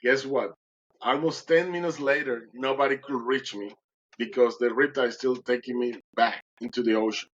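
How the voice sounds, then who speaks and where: A man's voice: mid-range voice, normal speed, highs cut off, slight background noise. Man telling a gripping survival story. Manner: animated retelling, acting out his own words. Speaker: podcast guest. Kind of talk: storytelling in conversation.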